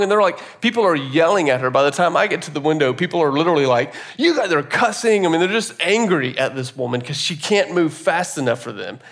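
Earnest storytelling man, slightly high voice. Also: a bit bright. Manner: casual and earnest, with frequent "like" and "you know". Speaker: speaker sharing a personal story. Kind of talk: conversational storytelling with a faith lesson.

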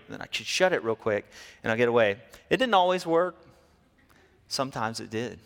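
A man preaching a sermon, telling stories in a lively way and acting out the people in them. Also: mid-range voice, normal speed, in a large hall. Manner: storytelling, animated, acts out quotes. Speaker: pastor.

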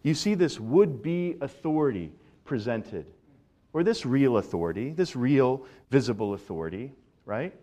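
A man's voice: medium pitch, measured pace. Conversational male pastor preaching. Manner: conversational, animated preaching with repeated words. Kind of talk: sermon.

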